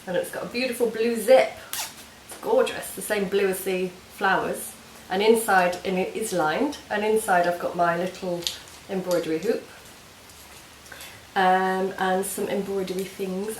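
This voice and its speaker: A woman's voice: medium pitch, steady tone, moderate pace. A woman hosting a knitting video podcast, chatting casually and gushing with many ums and restarts. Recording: roomy home recording with faint hiss.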